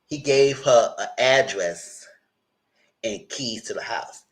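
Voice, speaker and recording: A TV show reviewer with a medium-pitched voice speaks slowly, leaving long pauses, as he gives a casual live recap of an episode. He chats directly with his viewers and animatedly acts out the characters' lines in quotes as he goes.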